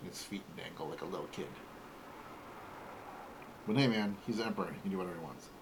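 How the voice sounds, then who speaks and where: A man in his forties with a low, gravelly voice walks through a toy set in an easygoing, rambling way. The recording carries a steady noise behind him. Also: fast. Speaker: toy collector host. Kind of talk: casual unboxing walkthrough.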